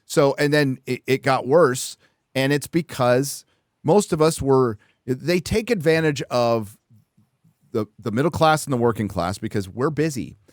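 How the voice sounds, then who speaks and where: A man's voice: mid-range voice, a little slow, no room sound, clean studio sound. A man hosting a live talk show, speaking bluntly and profanely in casual political conversation. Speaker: host.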